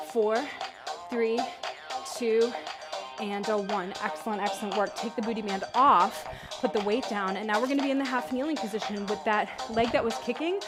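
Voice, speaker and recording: A woman fitness instructor guiding a workout, counting reps and calling breath cues in a steady rhythm. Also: mid-range voice. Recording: music playing behind the voice. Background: workout music.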